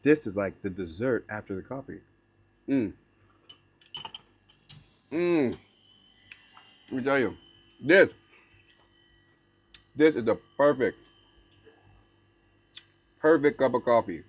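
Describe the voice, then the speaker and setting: Speaking slowly with long pauses, a young male vlogger with a husky, medium-pitched voice tells a casual story to camera. His delivery is lively and slangy, heavy on "like" and "right?", and he drops in phrases of learner's Norwegian.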